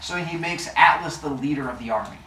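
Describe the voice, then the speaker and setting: A man telling a silly myth story playfully, animated, with made-up sound effects. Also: fairly high pitch, a little fast, a little hiss or hum. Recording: roomy echo.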